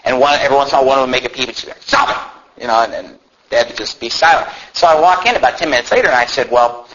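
A man's voice: mid-range voice, very fast, a bit bright. A man preaching a sermon, telling a story in an earnest, conversational way, often restarting and adding asides. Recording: muffled lo-fi recording.

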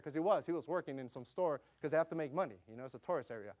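In this storytelling sermon, a middle-aged missionary preacher from the United States speaks fast and with lots of energy. His voice runs slightly high for a man, and he repeatedly calls out to the congregation as he tells his story.

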